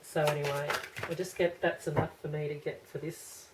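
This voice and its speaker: A woman's voice: low voice, flat delivery, moderate pace, noisy background. A woman giving a casual pick-a-card tarot reading to camera, rambling and thinking aloud with many restarts.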